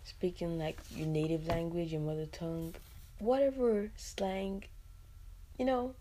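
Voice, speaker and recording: A woman's voice: on the low side, steady tone, a little slow, noisy background. A Nigerian woman hosting a podcast, talking casually and expressively on her own, with many "like" fillers and asides. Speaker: podcast host. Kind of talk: casual solo podcast talk.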